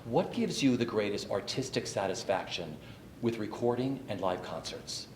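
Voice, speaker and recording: A man's voice: lowish voice, expressive, normal speed, reverberant, slight background noise, low-quality recording. A man hosting an interview, asking questions and giving brief, encouraging replies. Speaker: interview host.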